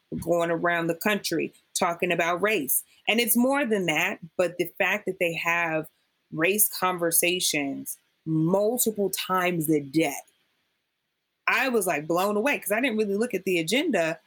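Emphatic animated woman telling stories. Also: lowish voice, measured pace. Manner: emphatic, animated storyteller acting out quotes. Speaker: podcast guest. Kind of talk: conversational interview.

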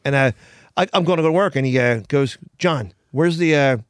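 A man's voice: medium pitch, clear, resonant tone, dry recording, clean studio sound. A man telling long rambling stories in casual podcast chat, stumbling over restarts. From Philadelphia area. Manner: rambling, halting with many restarts. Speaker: podcast guest. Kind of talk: casual storytelling.

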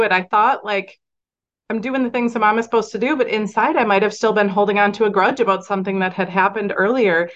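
A woman's voice: medium pitch, moderate pace, fairly bright tone, muffled recording. A woman who works as a mindset coach for parents, talking in a chatty, reflective way with many fillers. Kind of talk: casual interview conversation.

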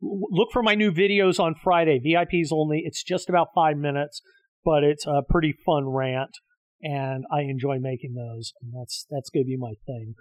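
A middle-aged man hosts his own show, launching into an exasperated, combative solo rant full of profanity. His voice is on the high side with fairly even intonation and a normal pace. The recording is dry and studio-clean.

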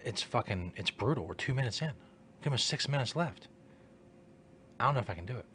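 A man's voice: mid-range voice, animated, fairly quick, fairly bright tone, slight background noise. A man giving exasperated, sarcastic reaction commentary, swearing and muttering.

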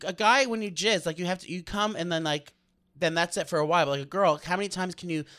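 A man's voice: high voice, quick pace, sharp tone. A man hosting a podcast in casual chat, campy and teasing. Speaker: podcast host. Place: studio with a TV screen.

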